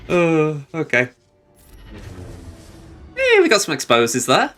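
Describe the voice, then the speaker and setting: A man whose voice is a little high and a bit bright chats loosely while streaming a video game. He rambles about his moves, chuckling and making fun of himself.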